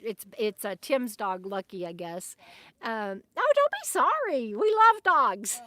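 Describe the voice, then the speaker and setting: A woman's voice: a little high, a bit bright, clean tone, dry recording. A woman hosting a casual live stream from her RV, chatting and laughing as she reads out viewer comments. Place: RV camp in the desert.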